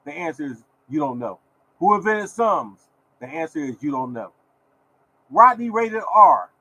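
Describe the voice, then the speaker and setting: A man's voice: on the high side, big pitch swings, measured pace, sharp tone, dull audio. A man hosting his own lottery podcast, talking in a repetitive, preachy way and scolding his listeners. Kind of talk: casual podcast rant.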